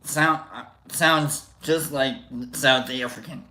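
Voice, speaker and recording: Bright, joking live-stream host man. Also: mid-range voice, slow pace, rough recording. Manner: jokey, rambling, laughs a lot. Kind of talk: casual live-stream chat.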